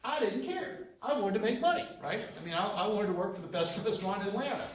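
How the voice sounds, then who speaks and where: Folksy high-voiced older male instructor. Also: lively intonation, fast talker, roomy sound, slight background noise. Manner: folksy, repeats himself, acts out dialogue. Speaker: JROTC instructor. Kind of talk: classroom lecture with anecdotes. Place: classroom.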